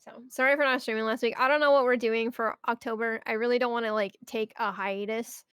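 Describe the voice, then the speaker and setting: Animated, foul-mouthed young woman streamer ranting. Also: a little high, fast talker, clear, resonant tone, no room sound, clean studio sound. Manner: animated, swears often, rants with mock outbursts. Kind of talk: casual chat.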